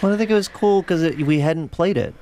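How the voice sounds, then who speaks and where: A man's voice: fairly high pitch, brisk, mellow. A man musician talking in an easygoing, rambling way in a casual interview. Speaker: musician guest.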